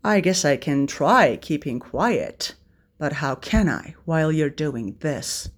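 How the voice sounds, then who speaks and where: A woman voicing a young prince who teases and commands in a slightly lowered, dry tone. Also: animated, takes it slowly, exaggerated voice. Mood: teasing prince.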